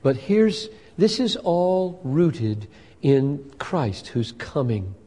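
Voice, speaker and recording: A male pastor preaching a sermon with emphasis, building up to loud fervent peaks. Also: fairly high pitch, big pitch swings, drawn-out words, husky. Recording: long hall reverb.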